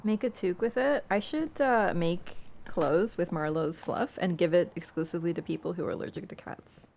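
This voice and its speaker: A woman's voice: fairly low pitch, normal speed, gravelly, darkish tone, slight background noise. A woman game streamer in casual live-stream chat, playful and chatty, talking to her cat between lines and laughing easily. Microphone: wearing an earbud headset.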